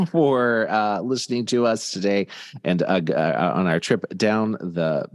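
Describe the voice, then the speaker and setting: A man's voice: fairly low pitch, takes it slowly, long reverb tail. A man hosting a podcast, chatting casually and laughing often as he wraps up the episode. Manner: laughing often, relaxed sign-off with fillers. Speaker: podcast host.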